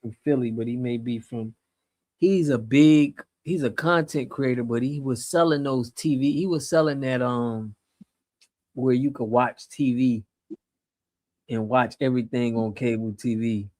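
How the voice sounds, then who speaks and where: A man hosting a casual livestream chat on a video call, relaxed and full of slang. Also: mid-range voice, a little slow. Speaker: host.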